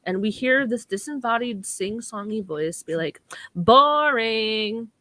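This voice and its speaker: A woman's voice: medium pitch, lively intonation, moderate pace, no room sound. A woman co-hosting a podcast, recapping a TV episode in a chatty, filler-heavy way. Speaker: podcast co-host. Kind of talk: casual recap chat.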